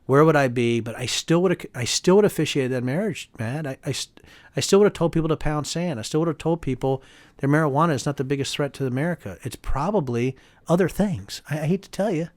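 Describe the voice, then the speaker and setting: A man's voice: a little high, a little fast, darkish tone, dry recording. Heated, emphatic middle-aged man, dry sound. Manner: emphatic and heated, quotes others in voices, sprinkles "right?". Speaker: congressman and author, guest. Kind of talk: animated interview talk.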